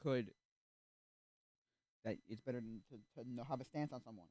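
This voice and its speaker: A male streamer in casual chat, rambling with restarts and acting out little quoted exchanges, sometimes breaking into loud rants. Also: medium pitch, brisk, pauses often, no room sound. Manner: gets loud and ranting.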